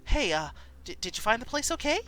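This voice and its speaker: A man's voice: extremely high pitch, sing-song, a little fast, pushed and bright, voice pushed up, heavily acted, poor audio. A woman reading aloud from an interactive story game, voicing a nervous, polite young man who stumbles into his words. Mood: tentative. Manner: hesitant and polite.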